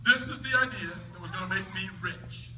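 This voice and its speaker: A man's voice: sits high, fairly quick, bright, forceful tone, recorded from a distance, slight background noise. A man from the northern United States presenting a comedic science show for schoolchildren, playful and teasing like a showman. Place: school auditorium with a live audience. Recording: echoey hall recording.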